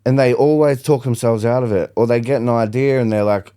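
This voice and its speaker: A young man talking as a podcast guest, blunt and intense, peppering nearly every sentence with swearing. His voice sits in an ordinary middle pitch for a man. It's loose, casual conversation. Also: steady tone, a little fast, hardly any pauses, dark tone, clear, resonant tone. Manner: blunt, heavy swearing, fired-up storytelling.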